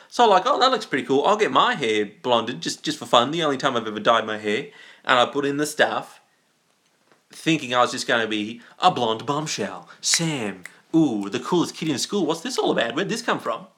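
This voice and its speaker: A young adult Australian man hosts a livestream, reading viewer comments and answering them off the cuff in casual chat. His bright, forward voice sits at an ordinary middle pitch, and he rambles, restarts and drifts into goofy, playful asides.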